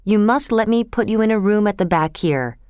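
A man's voice: sits high, lively intonation, a little fast, a little mellow, smooth, dry recording, studio quality. A woman voicing an older male banker who speaks urgently and protectively.

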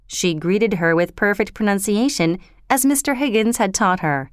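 A woman narrating a storybook in an expressive, steady reading voice. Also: mid-range voice, moderate pace, hardly any pauses, no room sound, clean studio sound.

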